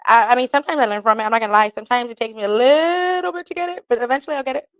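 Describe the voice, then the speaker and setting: Talking rapid-fire in a slightly high, somewhat bright voice, this radio host swears freely, laughs a lot, and acts out her own lines in skits during candid, casual chat. The recording is dry.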